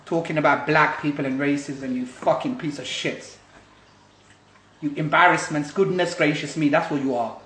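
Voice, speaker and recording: A man rants through a livestream monologue into his phone. He is angry and profane and repeats himself. His voice sits a little high, and the room around him rings with echo. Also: steady tone, normal speed, a bit bright. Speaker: livestream host.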